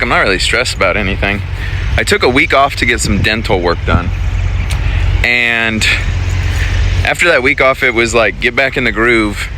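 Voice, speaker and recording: A man with a mid-range voice talks casually to the camera while walking his dog outside a truck stop, with background noise behind him. He's a trucking vlogger, easygoing and rambling, correcting himself as he goes.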